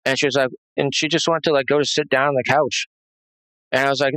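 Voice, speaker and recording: A man giving a halting, rambling personal testimony as an interview guest, full of fillers and restarts. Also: medium pitch, flat delivery, bright, forceful tone, dry recording, rough recording.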